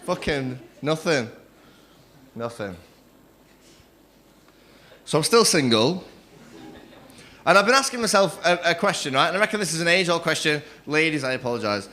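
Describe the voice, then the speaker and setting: A young man doing a crude, cheeky stand-up set on a comedy club stage, acting out other people in quick quoted voices. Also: fairly high pitch, big pitch swings, bright, forceful tone. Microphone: stage microphone.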